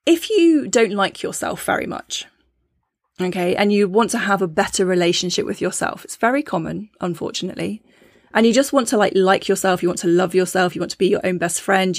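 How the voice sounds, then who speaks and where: A woman hosts a podcast and talks her listeners through her subject, in a conversational teaching manner with frequent check-ins. Her voice sits at a middle pitch and is recorded close and dry, with no room sound. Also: no echo. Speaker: podcast host.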